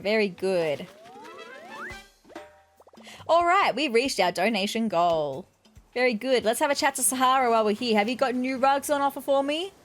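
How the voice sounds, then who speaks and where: A woman hosts a casual let's-play, chatting away as she plays and reading the game's dialogue aloud. Her voice sits a little high for a woman, friendly and talkative in tone. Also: expressive, normal speed, long pauses, faint music behind. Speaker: gaming video host.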